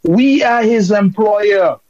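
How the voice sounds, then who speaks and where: A man's voice: high voice, takes it slowly, darkish tone, no echo, lo-fi sound. A man from Dominica calling in with impassioned, emphatic political commentary.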